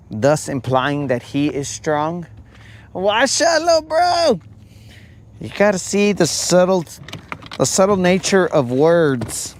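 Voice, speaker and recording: A man chatting and joking with his live viewers while fishing from a boat on a lake. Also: fairly high pitch. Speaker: fishing livestreamer. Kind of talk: casual live-stream chat.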